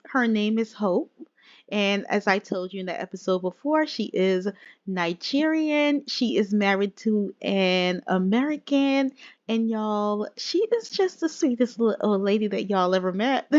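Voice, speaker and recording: A woman hosting her gaming channel, chatting casually over gameplay, laughing often and voicing the characters in quick asides. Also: medium pitch, no echo. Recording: dull lo-fi sound.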